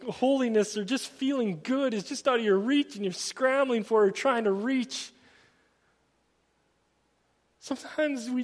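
A man preaching a sermon in an earnest way, often stammering and restarting his phrases, and at times dropping to a soft, quiet voice. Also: high-pitched. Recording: long hall reverb.

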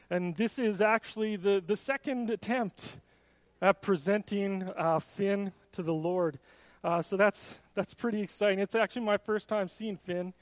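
Chatty pastor guy, kinda high voice, keeps restarting, dry close sound. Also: dry recording. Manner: casual and chatty, with many restarts. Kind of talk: church service announcements and baby dedication.

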